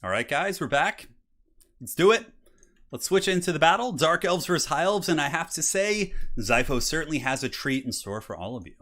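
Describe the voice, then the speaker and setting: A man's voice: a little high, big pitch swings, moderate pace, sharp tone. A young man hosts a live stream, casting strategy game matches in a loose, chatty way and answering his viewers as he goes. His voice rises and falls a lot and stays upbeat, and he sounds like he is speaking into a desk microphone. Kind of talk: casual live-stream commentary.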